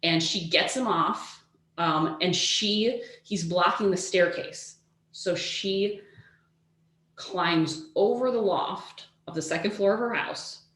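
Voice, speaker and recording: Low-voiced woman telling a story, echoey room. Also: slow pace. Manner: animated, swears freely, says "like" a lot. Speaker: podcast co-host telling a true-crime story. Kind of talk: casual storytelling chat.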